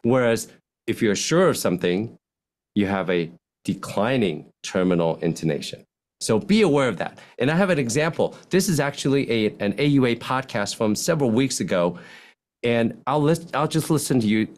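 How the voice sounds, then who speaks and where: A man, a physician, giving speaking advice as a podcast guest, animated and lively, swinging his voice up and down and acting out example lines in contrasting tones. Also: normal speed. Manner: animated, swings pitch widely to demonstrate points. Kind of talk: podcast interview, coaching talk.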